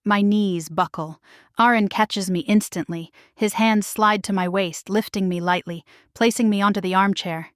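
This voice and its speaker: A woman narrating a romance story in the first person, with slow, measured storytelling on a close mic. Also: mid-range voice, steady tone, dry recording. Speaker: audiobook narrator.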